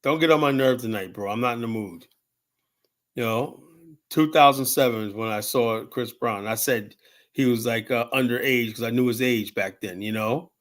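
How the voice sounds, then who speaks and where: A man's voice: medium pitch, normal speed, fairly bright tone. A man in his fifties telling rambling stories in casual talk, swearing freely and full of fillers and restarts. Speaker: show host telling stories.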